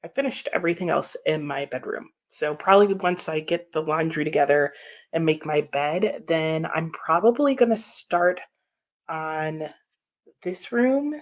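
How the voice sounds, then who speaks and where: A woman's voice: low voice, unhurried. Chatty woman hosting a reading livestream. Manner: chatty, laughs often, reads viewer comments aloud. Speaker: livestream host. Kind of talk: casual live-stream chat.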